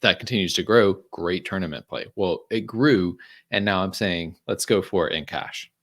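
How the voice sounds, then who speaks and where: A show regular casually talks through his fantasy football picks with lots of ums, restarts and the occasional dry, sarcastic aside. His voice sits low with a fairly bright tone, and he keeps a moderate pace in this chatty podcast conversation.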